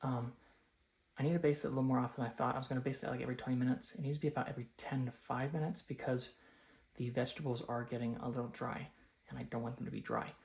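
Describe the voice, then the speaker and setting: Young man, casual home vlogger, rambling and chatty, mid-pitched everyday voice. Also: level tone, racing, creaky, a little mellow, reverberant. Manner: rambling, chatty, filler-heavy. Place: home, rooms and stairs.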